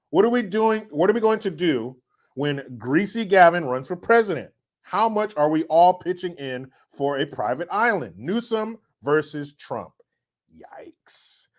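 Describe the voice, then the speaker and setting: Sarcastic man hosting a commentary stream. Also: a little high. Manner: sarcastic, mocking, swings from loud to muttered. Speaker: show host reading viewer comments. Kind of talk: casual political commentary livestream.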